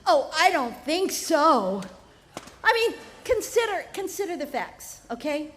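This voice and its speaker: A woman's voice: high voice, very animated, unhurried, fairly bright tone, a little hiss or hum, full character voice. A woman voicing a fed-up male dog who mocks his master with sarcastic complaints. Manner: sarcastic, laughing, exasperated. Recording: live festival tent with long reverb.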